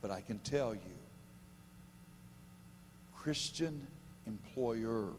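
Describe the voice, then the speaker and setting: A man's voice: mid-range voice, extremely slow. A man preaching a sermon at a men's conference in a church, joking, laughing at his own stories and quizzing the crowd. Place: church sanctuary. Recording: long hall reverb with faint hum.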